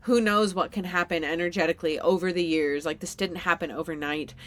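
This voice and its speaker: A low-pitched woman in her thirties talks alone into the mic for her podcast. She speaks candidly and with feeling, and she laughs often as she goes. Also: fairly even intonation, slight background noise. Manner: slow soothing guided meditation. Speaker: podcast host. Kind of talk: solo podcast monologue.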